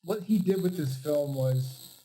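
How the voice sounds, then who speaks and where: Mellow higher-voiced guy chatting casually. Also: measured pace, rough recording. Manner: hesitant, restarts with repeated "I". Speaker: podcast co-host. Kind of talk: casual chat. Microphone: home podcast mic.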